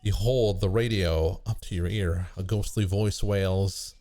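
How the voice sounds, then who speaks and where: A man's voice: low voice, steady tone, unhurried, dark tone. A man streaming a game, reading its text aloud with wry, amused asides. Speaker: let's play streamer.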